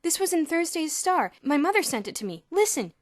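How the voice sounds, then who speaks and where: A woman's voice: extremely high pitch, very animated, fairly quick, no room sound, clean studio sound, pitched above the performer's own voice. Woman playing a mock-serious scheming schoolboy. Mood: urgent. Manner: urgent, then grave and mock-serious.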